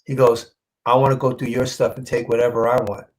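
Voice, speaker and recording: A male comic book artist telling a story in a casual interview, animated and acting out quoted dialogue, halting and repeating himself when moved. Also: medium pitch, low-quality recording.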